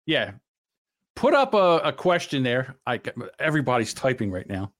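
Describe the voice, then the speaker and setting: A man's voice: medium pitch, very animated, normal speed, a bit bright. Philly guy hosting a podcast, rambly and blunt, swears a lot. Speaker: podcast host. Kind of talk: casual chat.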